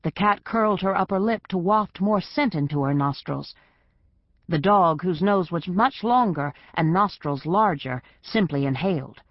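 A woman narrating an audiobook in a lowish, measured voice. The booth is dead dry and the sound is a little dull. She tells the story evenly and unhurriedly. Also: lively intonation, no echo. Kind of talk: scripted narration.

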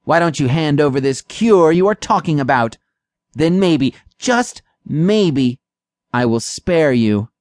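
A woman voicing a ruthless male cat who threatens slowly and coldly in a storybook. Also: low-pitched, lively intonation, a little mellow, no echo, pitched above the performer's own voice. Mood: suspicious. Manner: slow, threatening.

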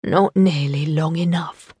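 A woman voicing a dying old man who speaks quietly, slowly and bluntly. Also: low voice, fairly even intonation, breathy edge, no room sound, heavily acted. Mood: weary. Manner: quiet, slow, matter-of-fact.

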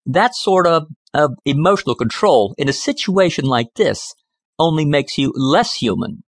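A man's voice: on the high side, normal speed, no echo, studio quality. A man voicing a curt, cool woman agent. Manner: clipped, flat and businesslike. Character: cool, sharp-witted woman federal agent.

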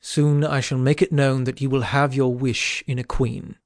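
A man narrating an audiobook, voicing a bold, commanding king in a measured, kingly manner. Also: medium pitch, fairly even intonation, no echo, studio quality, natural voice.

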